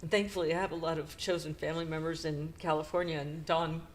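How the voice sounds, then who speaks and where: A middle-aged woman co-hosting a podcast, retelling a painful personal story in a halting, emotional way with nervous laughs. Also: low voice, steady tone, a little hiss or hum. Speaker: podcast co-host.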